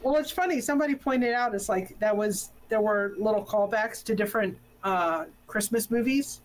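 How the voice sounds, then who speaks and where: A woman in a casual pop-culture chat, telling stories in an animated, laughing way. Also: mid-range voice, moderate pace, slight background noise, low-quality recording.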